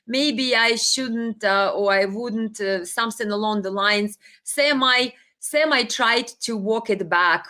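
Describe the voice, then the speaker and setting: A woman's voice: medium pitch, bright, forceful tone. A woman hosting a live stream, reading viewer comments and giving opinionated, sarcastic commentary with many fillers.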